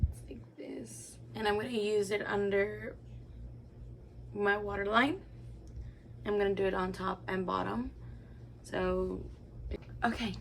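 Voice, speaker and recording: A young woman talks through a makeup tutorial and storytime in a rambling, chatty way, leaning on "like" as a filler. Her voice sits mid-pitch and often drops into a gravelly fry. Faint noise hums under the recording. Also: fairly bright tone. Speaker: beauty vlogger.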